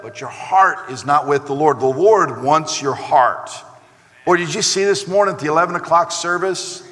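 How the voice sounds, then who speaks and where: A man with an American accent preaching a sermon as pastor, animated and acting out the voices of the people he describes. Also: fairly high pitch, normal speed. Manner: animated preaching with acted asides. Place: church sanctuary. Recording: long hall reverb.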